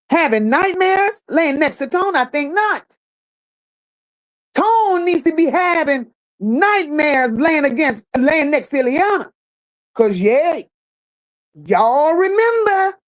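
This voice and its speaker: Woman doing reaction commentary, high voice, drawls slow, laughing gossip. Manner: animated, laughing, gossipy with playful put-on voices. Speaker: reaction channel host. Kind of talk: casual commentary reading chat comments.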